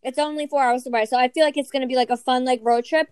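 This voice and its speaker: A young woman with a high, smooth voice co-hosts a podcast. She talks brashly, swears freely and plugs upcoming shows. The sound is dry and close to the mic. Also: fairly even intonation, very fast, darkish tone, no room sound. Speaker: podcast co-host. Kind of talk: casual chat.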